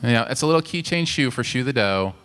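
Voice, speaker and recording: A man with a bright, smooth voice co-hosts a live podcast on stage. He is upbeat and grateful, and he keeps urging the audience to applaud. His tone stays crisp and forward. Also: medium pitch, expressive, a little fast. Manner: upbeat, grateful, hypes the crowd. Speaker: podcast co-host. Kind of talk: live show hosting banter.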